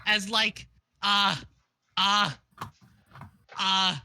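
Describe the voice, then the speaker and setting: A man's voice: high voice, little pitch movement, extremely slow, vocal fry, sharp tone, a little hiss or hum. A man chatting casually with friends on a live stream, joking, rambling and laughing often. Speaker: friend reading along.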